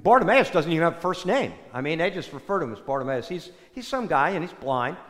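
A man preaching a sermon, telling stories in an animated way that swings between loud and soft. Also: fairly high pitch, quick pace. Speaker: priest. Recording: long hall reverb.

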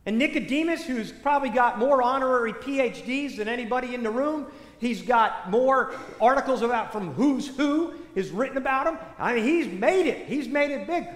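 A parish priest giving a sermon in a church, telling the story in a conversational, animated way with many asides. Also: male voice, very high-pitched, normal speed. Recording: echoey church hall reverb.

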